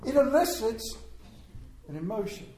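A man telling comic stories to a live audience, animated and playful with emphatic swings. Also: very high voice, a little slow, a little hiss or hum. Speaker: speaker entertaining an audience. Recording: roomy echo.

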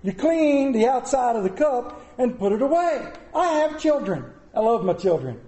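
A middle-aged pastor preaching a sermon in a church, animated and mixing comic asides with scripture. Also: male voice, very high-pitched, normal speed, reverberant. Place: church sanctuary.

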